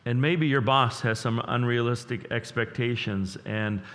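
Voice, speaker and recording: A man preaching a sermon as pastor, earnest and emotional, dropping to a hush and then rising loud, repeating words as he builds up. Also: mid-range voice, a little slow. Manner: earnest, emotional, swings between hushed and loud. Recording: long reverb of a large hall.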